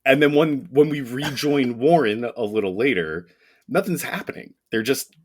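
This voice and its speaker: A man co-hosting a comics podcast in casual chat, relaxed and chuckling. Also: mid-range voice, moderate pace, slightly rough. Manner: relaxed, chuckling, many fillers. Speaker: podcast co-host.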